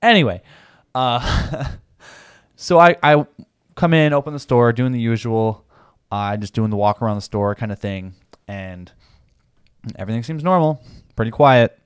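A man's voice: medium pitch, expressive, unhurried, pauses often, clear, resonant tone, no room sound, clean studio sound. A man in his twenties hosting a podcast, telling a profane story in a loose, laughing chat. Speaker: podcast host.

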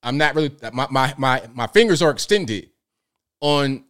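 A man's voice: mid-range voice, lively intonation, moderate pace, fairly bright tone. A man hosting a live call-in stream in casual, joking commentary, slangy and talking straight to his viewers. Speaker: show host.

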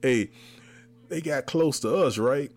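Animated male podcast storyteller. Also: mid-range voice, slow pace. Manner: animated, re-enacts his own reactions. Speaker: podcast host. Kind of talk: comedic storytelling.

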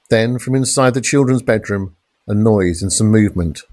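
An audiobook narrator with a low voice reads a crime story as scripted narration, measured and dramatic, shouting out the police lines. The recording has no echo.

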